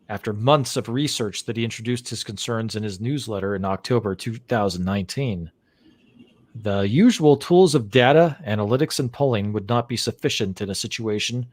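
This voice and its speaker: A man hosting a live chat show reads a news article aloud, then drifts into indignant, rambling commentary full of restarts. His voice sits at an ordinary middle pitch. The sound is close and dry, with no room around it. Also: no room sound. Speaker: podcast host.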